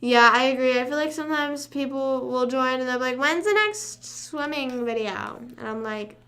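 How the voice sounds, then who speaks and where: This livestream host, a young woman, chats loosely with her viewers at a moderate pace, wandering from the topic and humming to herself now and then. Her voice is a little high, bright and forceful.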